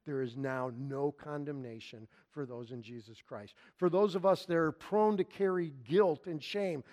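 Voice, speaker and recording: A male pastor preaching a sermon, emphatic and repetitive, leaning hard on key phrases with slow stress. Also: fairly high pitch, a little mellow.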